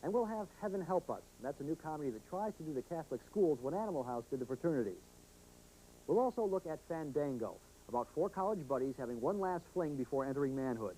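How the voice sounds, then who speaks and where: A man co-hosting a TV film review show, brisk and teasing. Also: on the high side, lively intonation, warm tone, slight background noise, rough recording. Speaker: film critic, co-host. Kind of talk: scripted TV review.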